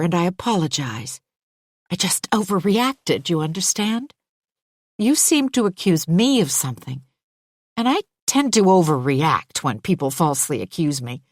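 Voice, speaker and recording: Audiobook narrator: a woman, slow and controlled, lively intonation, dry close mic. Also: fairly low pitch, husky, no room sound. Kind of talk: first-person thriller narration.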